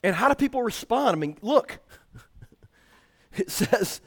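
Male pastor, high-pitched, emphatic teaching sermon. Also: expressive, takes it slowly. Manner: emphatic, explanatory preaching.

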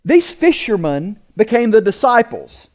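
A man preaching a sermon, emphatic, asking rhetorical questions and slowing down to stress words. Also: sits high, very animated, darkish tone, lo-fi sound. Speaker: pastor.

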